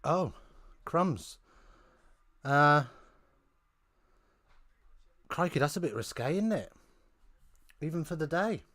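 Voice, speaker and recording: A man's voice: a little high, lively intonation, slow pace, long pauses, a bit bright, dry recording. A man hosting a live rugby watch-along from home, chatting casually with rambling, wry asides.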